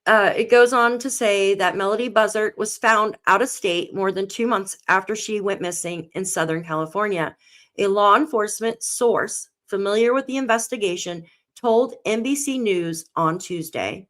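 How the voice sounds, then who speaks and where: A woman hosting a live true crime stream, her voice at an ordinary middle pitch. She greets her chat by name and reads a news report aloud, close to tears as she goes. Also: normal speed, a bit bright. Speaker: true crime channel host.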